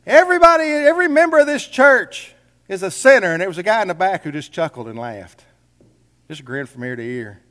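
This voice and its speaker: Folksy high-voiced male pastor preaching. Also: fairly bright tone, long reverb tail. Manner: folksy, conversational preaching with rhetorical questions. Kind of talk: sermon. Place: church sanctuary.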